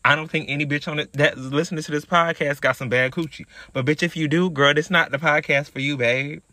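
A podcast host with a fairly high, pushed, bright voice tells a story briskly with fairly even intonation and no room sound. His monologue is sassy, profane, and chatty, and he calls listeners "girl."

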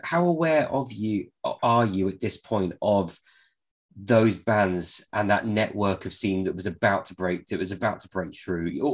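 Male interviewer, low voice, hesitant searching questions. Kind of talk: casual interview.

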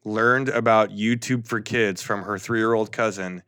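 A man's voice: lowish voice, steady tone, a little slow, a bit bright, no echo, studio quality. A man co-hosting a podcast, telling stories in a wry, joking way. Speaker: podcast co-host. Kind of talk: casual storytelling.

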